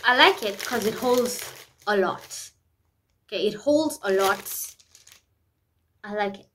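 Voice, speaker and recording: A woman's voice: mid-range voice, slow pace, fairly bright tone, a little hiss or hum. A woman vlogging in a candid, rambling way, often repeating herself and speaking openly about private matters. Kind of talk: candid personal vlog talk.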